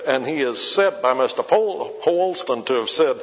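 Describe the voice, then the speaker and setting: Guy giving a bible sermon, reads old scripture slow and steady, muffled lo-fi sound, big hall echo. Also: mid-range voice. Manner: measured, reads scripture aloud in King James wording. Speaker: preacher. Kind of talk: expository sermon. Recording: dull lo-fi recording in a reverberant hall.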